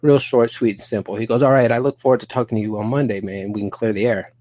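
A man in his thirties telling a story on a podcast, animated and profane, acting out both sides of an argument in quoted dialogue. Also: medium pitch, fast, no room sound. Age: 30s. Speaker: podcast guest.

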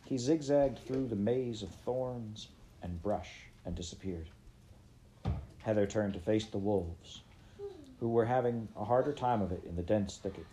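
A man reads a children's adventure novel aloud, his voice low and mellow. He narrates in a steady, plain way. A faint hiss of noise sits behind him. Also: a little slow. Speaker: reader.

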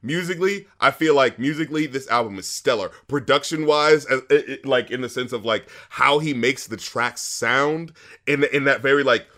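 A man co-hosting a casual music review chat, excitable, swearing often and filling with "like" and "uh". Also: mid-range voice, moderate pace. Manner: excitable, swears a lot, many fillers. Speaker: music review podcast co-host.

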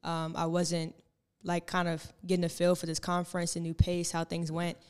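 A young woman, a college basketball player, answering interview questions in a calm, reflective way with many filler words. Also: on the low side, moderate pace, smooth. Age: young adult. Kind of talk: casual interview.

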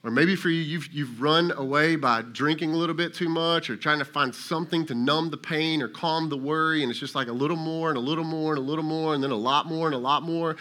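A pastor delivers a sermon in a relaxed, conversational way. His voice sits a little high and has a bright, ringing edge. He talks to the congregation as if chatting with them. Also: brisk, few pauses. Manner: conversational preaching, acts out voices of God and Elijah. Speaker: lead pastor.

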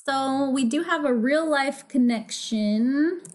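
A woman's voice: high-pitched, slow pace, darkish tone. A woman co-hosting a podcast, recapping a TV episode in casual chat, swearing freely and laughing as she acts out quotes. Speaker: podcast co-host.

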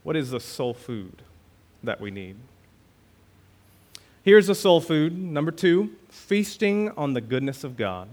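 Slow, emphatic male pastor preaching. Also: mid-range voice, sing-song. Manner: slow, emphatic preaching with dramatic swings in loudness; reads scripture aloud and repeats key words for stress. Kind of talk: sermon.

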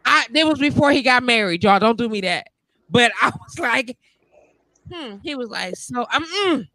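A woman with a slightly high voice tells a funny story in casual conversation at a moderate pace, over a rough recording. She's animated, laughs often, and acts out the voices of the people involved.

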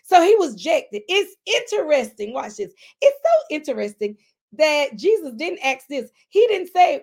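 High-voiced woman preaching emphatically. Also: big pitch swings, normal speed, creaky. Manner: emphatic, addresses listeners directly; swings between loud emphasis and quiet asides. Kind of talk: conversational sermon teaching.

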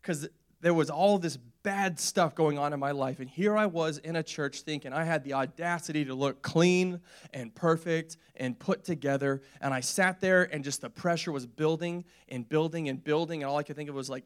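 A young man gives a laid-back church sermon with a slightly high voice. He talks conversationally, circles back on his phrases again and again, and laughs often between points. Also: normal speed, smooth. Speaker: preacher. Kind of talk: casual sermon.

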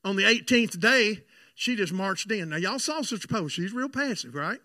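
Male pastor with a high, bright, gravelly voice. Preaches and tells personal stories with fervor. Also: animated, moderate pace, dry recording. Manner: fervent, swings between shouted preaching and hushed confiding storytelling. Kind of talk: sermon with personal storytelling.

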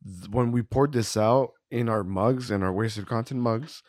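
A man's voice: fairly low pitch, measured pace, a little mellow, no echo, clean studio sound. A man co-hosting a podcast, rating beers in a casual, rambling way full of fillers and little laughs. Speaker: podcast co-host. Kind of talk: casual beer-tasting chat.

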